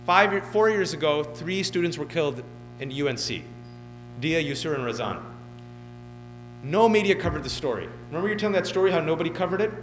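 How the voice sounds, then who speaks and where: Male keynote speaker, 30s, animated storyteller who does impressions, voice a little high, faint music underneath. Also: fast, poor audio. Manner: animated, joking storyteller who mimics others. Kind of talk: motivational speech. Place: event hall.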